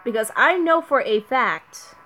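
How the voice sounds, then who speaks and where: Slow-talking woman rambling over gameplay. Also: fairly high pitch, expressive, sharp tone, soft background music. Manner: rambling, restarts sentences often. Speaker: gaming channel host. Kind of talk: casual gameplay commentary.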